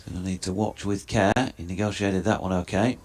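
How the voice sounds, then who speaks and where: A man giving measured ball-by-ball cricket commentary, describing each delivery in detail. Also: low voice, flat delivery, darkish tone.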